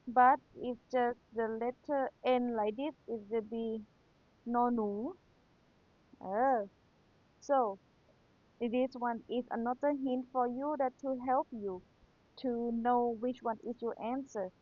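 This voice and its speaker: A woman's voice: a little high, steady tone, slow pace, long pauses, no echo. Woman teacher with tinny, dry sound. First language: Thai. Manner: patient, repeats key points, checks with rhetorical questions. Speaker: Thai language teacher. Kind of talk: exam review lesson.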